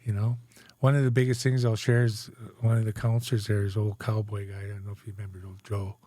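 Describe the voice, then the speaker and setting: Low-voiced man telling his story, dark tone. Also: flat delivery, fast talker, no room sound. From Canada. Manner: conversational, frequent "right?" and "eh?" tags. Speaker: guest. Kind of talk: candid storytelling interview.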